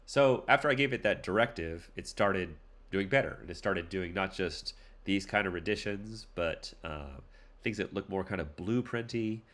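A man with a very low voice walks through a casual screen tutorial. He rambles in a relaxed, playful way, dropping lots of fillers and side comments as he goes. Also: normal speed. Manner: loose and rambling, many fillers, playful asides. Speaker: tutorial host.

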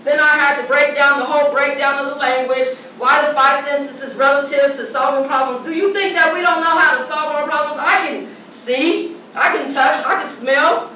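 A woman's voice: sits high, steady tone, normal speed, few pauses, bright, forceful tone, slight background noise. A woman from Oregon speaking on a panel as a community organizer, blunt and profane, repeating her points with force. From Oregon, United States. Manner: blunt, fiery and profane, with emphatic repetition. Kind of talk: impassioned panel speech. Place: large lecture hall. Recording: echoey hall, voice from far off.

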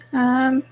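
A woman's voice: high-pitched, fairly bright tone. A woman live streaming in casual chat, reading out viewer comments and answering them in an offhand, mumbling way, with a crackly voice.

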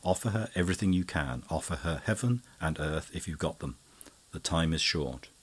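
Father Brown, a man voicing a calm old priest. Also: low-pitched, normal speed, slightly rough. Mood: earnest. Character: elderly male priest, calm and shrewd.

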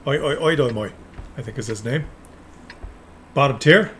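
A man commentating tank game replays, excitable and cheering players on, with loud game sounds underneath. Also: mid-range voice, normal speed, slight background noise. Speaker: gameplay commentator. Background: tank engines and gunfire from the game.

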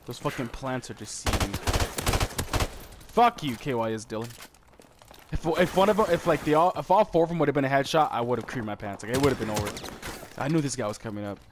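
Profane young gamer ranting over gunfire. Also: male voice, medium pitch, fairly quick. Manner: rambling, swearing, trash-talking, excitable. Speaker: gamer streaming commentary. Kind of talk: profane live gameplay commentary. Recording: noisy gameplay audio with gunfire. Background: game gunfire and clicks.

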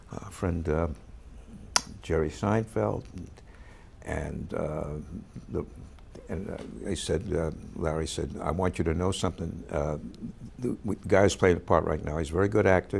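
Gravelly man telling a backstage story. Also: low-pitched. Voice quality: gravelly, husky. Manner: animated storyteller who acts out quoted voices. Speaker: actor interviewee. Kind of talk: anecdotal interview storytelling.

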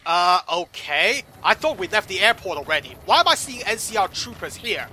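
A man's voice: sits high, sing-song, normal speed, sharp tone, slight background noise. A man giving comedic gameplay commentary in a sarcastic, profane, exasperated manner. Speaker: commentator voicing the player character.

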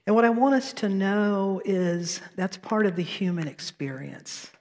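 A woman's voice: mid-range voice, lively intonation, unhurried, darkish tone, in a large hall. A woman minister with a Southern American accent, delivering a sermon with storytelling and self-deprecating asides. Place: church sanctuary.

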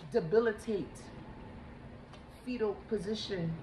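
A woman giving a psychic tarot reading, halting and emotional, repeating herself as she talks. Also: mid-range voice, mellow. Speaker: tarot reader. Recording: echoey room with background noise.

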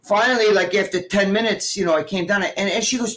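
Profane, animated middle-aged man telling stories. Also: sits high, fast talker, few pauses. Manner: profane, animated, acts out quoted dialogue. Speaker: guest co-host. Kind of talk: casual live-stream storytelling.

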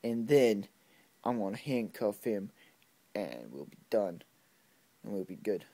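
A man's voice: on the low side, very animated, measured pace, vocal fry, mellow, pitched below the performer's own voice, heavily acted. A man doing a blunt Australian animal catcher. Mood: matter-of-fact. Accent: put-on Australian. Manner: blunt, matter-of-fact plan explaining. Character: animal patrol man putting on a rough Australian drawl.

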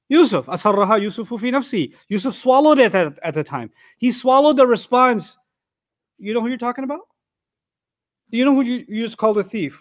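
A middle-aged man from Pakistan with a high voice gives a Quran lecture in the style of a storytelling sermon, telling stories in a humorous, conversational way. The audio is clean studio sound with no room echo.

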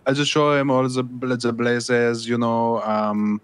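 A man's voice: mid-range voice, level tone, takes it slowly, smooth. Man in a put-on broken-English accent. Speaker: roleplay game player. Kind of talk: in-character game chat.

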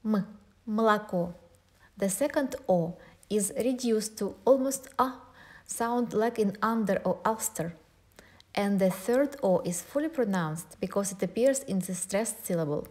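A woman's voice: mid-range voice, a little mellow. Russian-accented woman teaching pronunciation. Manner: methodical, spells out and models pronunciations slowly. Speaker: language teacher. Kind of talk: online language lesson.

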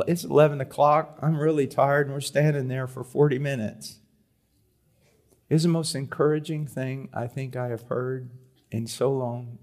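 A middle-aged man preaching a sermon at a conference, moving between loud emphatic reading and soft, hushed pleading. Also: mid-range voice. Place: conference hall.

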